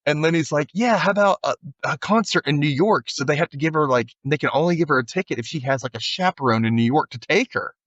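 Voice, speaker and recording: A man's voice: fairly high pitch, fast talker, hardly any pauses, a bit bright, no room sound, muffled recording. A man co-hosting a podcast, casually recapping an episode and acting out the characters' lines. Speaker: podcast co-host.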